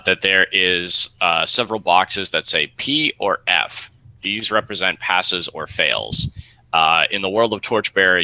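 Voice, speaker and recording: A man narrating a tabletop game as game master, halting with fillers. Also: low-pitched, pushed and bright, dry recording, rough recording. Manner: hesitant, many fillers.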